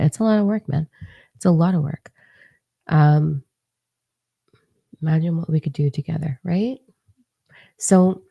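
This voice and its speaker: A woman's voice: deep voice, gravelly, warm tone, dry recording, clean studio sound. A woman spiritual coach giving a blunt, profane, emphatic motivational monologue to camera.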